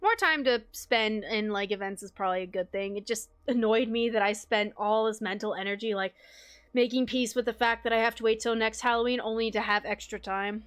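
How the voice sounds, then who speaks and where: A young woman streamer chatting casually with her viewers, rambling, swearing freely and filling pauses with likes and ums. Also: fairly high pitch, clean tone. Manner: rambling, swears casually, frequent fillers and laughs.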